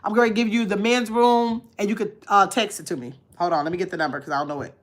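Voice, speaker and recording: A woman hosting a casual livestream, chatting to her viewers and dropping to a low mumble while she searches her phone. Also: steady tone, fast talker. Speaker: livestream host.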